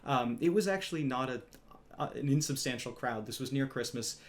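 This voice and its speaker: A man's voice: medium pitch, a little fast, slight background noise. A man casually telling a story from his retail job, wry and conversational, a little smug, swearing now and then.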